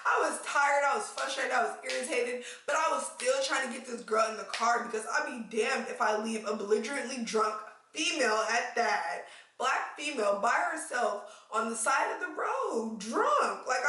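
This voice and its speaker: A woman vlogger telling a story to her viewers in casual, animated talk, swearing now and then and calling them y'all. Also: a little high, normal speed, heavy reverb, recorded from a distance, a little hiss or hum, poor audio.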